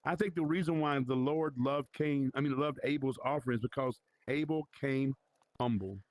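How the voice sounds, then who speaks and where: A man's voice: mid-range voice, dry recording. A man leading an informal Bible study in a virtual reality church, talking conversationally and challenging his listeners.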